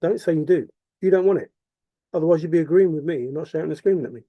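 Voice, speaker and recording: A man's voice: a little high, rapid-fire, no echo, dull audio. A man delivering an impassioned, repetitive monologue full of rhetorical questions. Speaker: vlogger.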